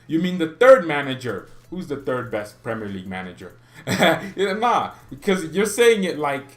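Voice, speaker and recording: A man's voice: on the high side, big pitch swings, normal speed. Exasperated, sarcastic male fan ranting. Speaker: football fan channel host. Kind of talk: ranting commentary to camera.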